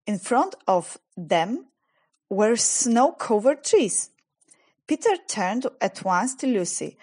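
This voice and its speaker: Woman narrator, children's novel read aloud, lively pitch, slow measured pace. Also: slightly rough.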